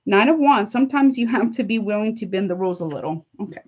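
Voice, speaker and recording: Heartfelt, chatty woman tarot reader, middle-pitched voice, slightly dull lo-fi sound. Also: expressive, quick pace, darkish tone. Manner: chatty, heartfelt, calls listeners honey. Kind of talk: casual tarot reading to viewers.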